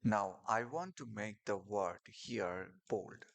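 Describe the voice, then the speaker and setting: A man's voice: fairly low pitch, slow, creaky, a bit bright. A man teaching a screen-share coding lesson, explaining step by step with fillers and restarts over keyboard clicks. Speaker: coding tutorial instructor.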